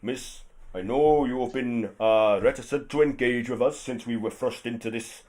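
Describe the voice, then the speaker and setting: A man voicing a rough-mannered male prisoner who speaks formally and insists he is a gentleman. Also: medium pitch, normal speed, lightly acted. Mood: courteous. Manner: formal, courtly phrasing.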